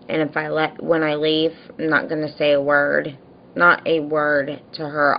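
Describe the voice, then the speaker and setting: A woman's voice: low-pitched, dull audio, a little hiss or hum. Worn-out woman venting on a vlog. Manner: exasperated, animated retelling with mocking quoted voices. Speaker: vlogger. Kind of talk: casual vlog storytelling.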